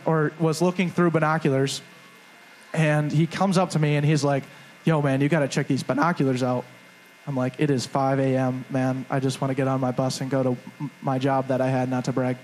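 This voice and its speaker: A man's voice: fairly high pitch, little pitch movement, moderate pace, slight background noise, rough recording. Rambling young man telling a story. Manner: rambling, self-mocking, acts out quotes. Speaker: podcast co-host. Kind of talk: live comedic storytelling. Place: live stage before a crowd.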